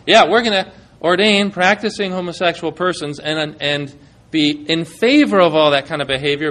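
A man's voice: sits high, brisk, fairly bright tone. A male pastor preaching a sermon, reading scripture aloud and putting questions to his congregation, with dramatic rises and drops in his delivery.

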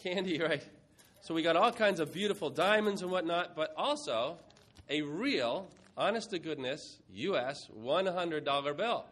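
Male preacher with a somewhat high voice, lively delivery, auctioneer bits. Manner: lively, playful, shifts from quiet reflection to brisk auctioneering. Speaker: pastor. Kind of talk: sermon with a mock auction.

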